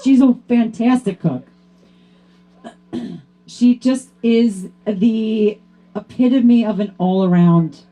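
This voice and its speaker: A woman presenting a hall of fame award to her teammate in a heartfelt tribute speech, fighting back tears. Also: a little high. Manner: grows loud and excited toward the end.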